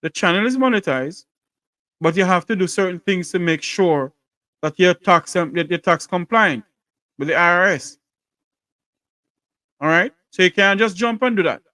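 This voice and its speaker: A man's voice: sits high, animated, moderate pace, long pauses, bright, forceful tone, dry recording. A man hosting a call-in talk show, speaking to his listeners in a direct, plain-spoken way.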